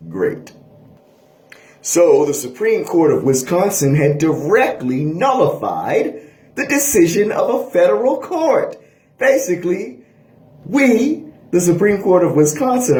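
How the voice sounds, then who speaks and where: A man lecturing on a court case in a lively teaching voice, checking in with listeners often. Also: fairly low pitch, roomy sound. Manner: animated lecturing, frequent "all right?" checks. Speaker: history teacher. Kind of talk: lecture video.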